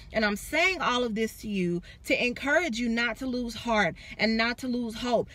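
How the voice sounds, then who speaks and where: A young adult woman giving a casual sermon, telling the story with animated, acted-out quotes. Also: on the high side. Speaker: preacher.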